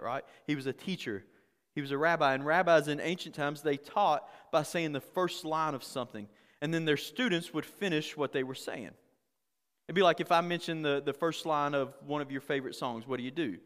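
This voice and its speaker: A man's voice: fairly high pitch, fairly bright tone, in a large hall. A male pastor preaching a conversational sermon, often repeating words and asking the congregation questions.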